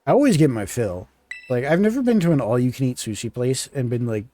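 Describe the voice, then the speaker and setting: A man's voice: medium pitch, sing-song, fairly quick, mellow, a little hiss or hum. A man streaming a game, chatting casually and rambling with lots of fillers and restarts. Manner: rambling, filler-heavy, self-interrupting. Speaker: gaming streamer. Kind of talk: casual live-stream chat.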